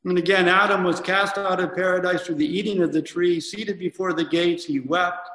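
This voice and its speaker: A man preaches a reflective sermon in a slightly higher voice, pausing often and correcting himself as he goes. His words ring through a church with a long, echoing reverb. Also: fairly even intonation, a bit bright. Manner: reflective, reads hymns aloud with pauses and self-corrections. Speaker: priest. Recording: echoey church hall from a distance.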